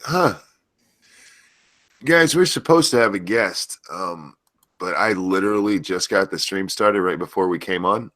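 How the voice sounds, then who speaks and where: Stuffy low-voiced man hosting a stream. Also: a little slow, fairly bright tone, no room sound, clean studio sound. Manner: joking, profane, easily sidetracked. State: stuffy and unwell. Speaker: stream host. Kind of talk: casual live-stream chat.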